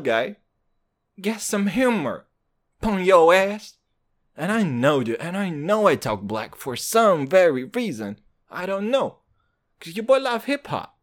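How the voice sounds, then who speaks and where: Casting note: man doing stand-up, English as a second language, hip-hop slang and swearing, slow drawl, big pitch swings. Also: sing-song, no echo, clean studio sound. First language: not English. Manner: profane slangy hip-hop talk, swinging between loud and muttered. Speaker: stand-up comedian. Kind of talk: stand-up comedy monologue.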